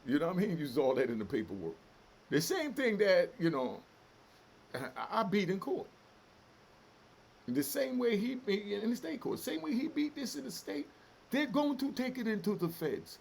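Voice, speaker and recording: A man's voice: high voice, big pitch swings, normal speed, gravelly, a little mellow, slight background noise. A middle-aged man hosting a commentary channel, delivering fiery, emotional, profane street talk in a heated solo rant.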